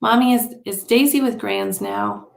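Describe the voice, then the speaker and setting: An earnest little boy asks his mother questions in the dark, his voice lifted a bit higher, as a woman reading aloud voices him. It has a slight gravelly edge and a roomy echo. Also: huge pitch swings, unhurried, heavily acted. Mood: curious.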